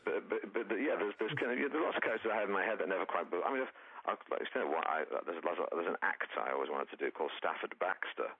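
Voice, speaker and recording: A comedian man chatting in an interview, halting and restarting often, with many repeated words. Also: low voice, animated, vocal fry, breathy edge, no room sound. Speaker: comedian guest. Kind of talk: casual interview chat. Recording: dry tinny phone-like line.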